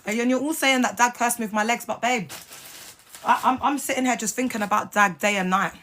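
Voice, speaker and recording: A woman's voice: on the high side, fast, a bit bright. A woman talking bluntly and sassily on a phone live stream, swearing freely. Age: adult mother. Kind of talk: casual live stream talk.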